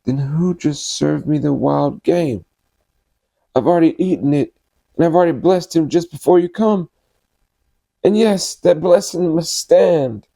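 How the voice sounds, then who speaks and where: A man's voice: fairly high pitch, measured pace, vocal fry, dark tone, dry recording, pitched above the performer's own voice. A man voicing a shaken old father who trembles as he realizes he was deceived, his voice rising in agitation. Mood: alarmed.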